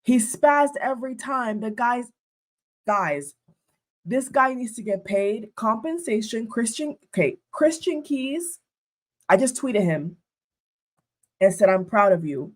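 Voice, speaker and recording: A woman's voice: fairly high pitch, lively intonation, takes it slowly. A woman giving indignant reaction commentary, addressing her viewers as "guys" and repeating herself. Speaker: commentary vlogger.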